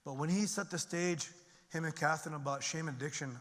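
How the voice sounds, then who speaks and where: A man's voice: steady tone, brisk, a bit bright. Middle-aged man on a stage, earnest emphatic testimony, ringing reverb of a large hall. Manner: earnest and emphatic, climbing in pitch and volume when stirred. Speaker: conference speaker. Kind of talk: personal recovery testimony to an audience.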